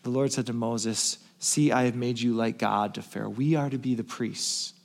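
A male pastor preaching, telling a story in a hushed, tender voice and then building to emphatic calls. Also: medium pitch, steady tone, normal speed, creaky. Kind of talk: sermon storytelling.

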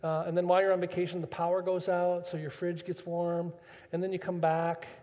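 A man's voice: high-pitched, completely flat delivery, a little fast, a little mellow, in a large hall. A man preaching a sermon as pastor, chatty and full of rhetorical questions.

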